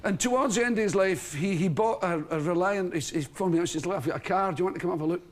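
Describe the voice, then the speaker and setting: A man's voice: high-pitched, fast talker. A Scottish man, a chat-show guest, telling a long rambling anecdote and laughing through it. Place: television studio.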